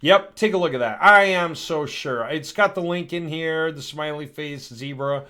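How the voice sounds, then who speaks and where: A man hosting a casual software demo, chatty and thinking aloud as he clicks through. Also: fairly high pitch, normal speed. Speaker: host demonstrating software. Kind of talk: casual screen-recorded product demo.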